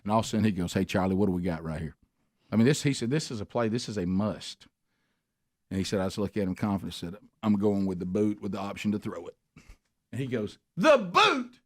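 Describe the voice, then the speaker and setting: A man's voice: fast talker, no room sound, studio quality. Rambling man spinning a story. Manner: rambling storyteller who acts out quotes with big high shouts. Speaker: radio show host. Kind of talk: storytelling on a talk show.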